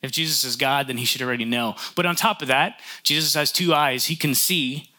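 A man's voice: mid-range voice, a little fast, pushed and bright. A man preaching a sermon as a pastor, conversational and lightly joking, often restarting his sentences.

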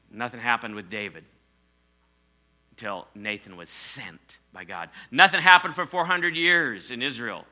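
Male preacher, emphatic sermon delivery, bright piercing tone, loud-to-hushed swings. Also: mid-range voice. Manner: emphatic, swings from loud exclamations to near whispers; asks the congregation to respond.

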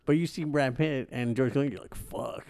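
A man's voice: mid-range voice, fast, darkish tone, clear, resonant tone. A man in his thirties co-hosting a podcast in casual chat, blunt and giggly, swearing freely. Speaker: podcast co-host.

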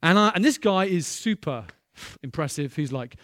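Male preacher, fairly high voice, animated storyteller with loud peaks, dry close mic. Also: moderate pace, no room sound. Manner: lively storytelling with bursts of loud excitement. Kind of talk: sermon.

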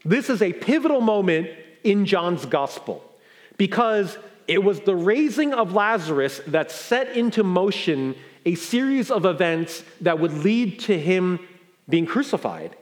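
Male pastor, animated sermon delivery, high voice with wide swings in pitch. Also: measured pace. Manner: animated, builds to incredulous emphasis; conversational with fillers and restarts.

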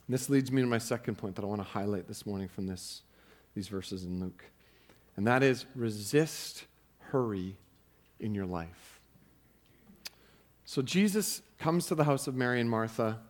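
A man's voice: fairly low pitch, lively intonation, normal speed, pauses often. A man preaching a sermon in a conversational way, often repeating words as he starts a sentence. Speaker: pastor.

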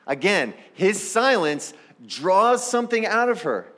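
Higher-voiced man preaching a sermon. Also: sing-song, a little slow, fairly bright tone. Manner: conversational, talks straight to the congregation; acts out the people in the story. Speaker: pastor.

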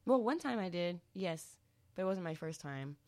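A young woman chatting casually, telling animated stories and swearing freely. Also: on the low side, moderate pace, no echo. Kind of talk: casual chat.

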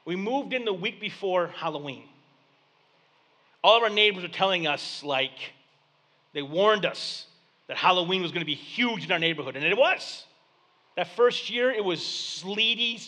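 A man's voice: high voice, lively intonation, moderate pace, bright, forceful tone. A man in his thirties, a pastor, preaching a sermon in a church basement and telling a story in a loose, conversational way.

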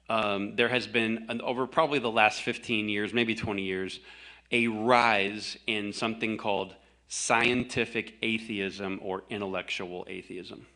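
Brief: male pastor, bright forceful tone, conversational emphatic sermon delivery. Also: on the low side.

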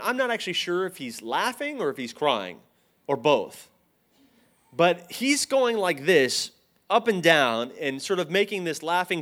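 A man giving a casual storytelling sermon to a live group, acting out the voices in his anecdotes. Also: fairly high pitch. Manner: animated, acts out both sides of dialogue. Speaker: speaker at a church teaching.

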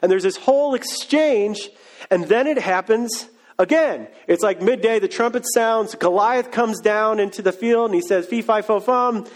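A man's voice: sits high, normal speed. A man preaching a sermon, retelling a story in a casual, joking way. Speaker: pastor.

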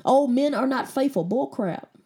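Emphatic woman preacher, mellow voice. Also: high voice, animated, moderate pace. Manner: emphatic, rhetorical questions, repeats phrases. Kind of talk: sermon.

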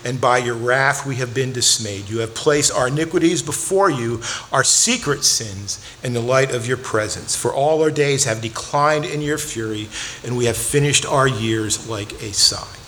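A man's voice: medium pitch, moderate pace, a bit bright, a little hiss or hum. Earnest man preaching a sermon. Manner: earnest, repeats words when stressing a point; talks directly to children in the congregation. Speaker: pastor.

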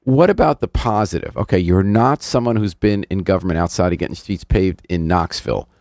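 A man hosting a radio interview show, asking questions in a brisk, chatty way from a studio. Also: sits low, darkish tone, no room sound.

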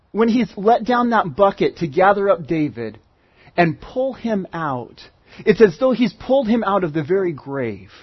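A man's voice: sits high, slightly rough, dry recording, highs cut off. A man preaching a sermon as pastor, earnest and conversational, often restarting his phrases.

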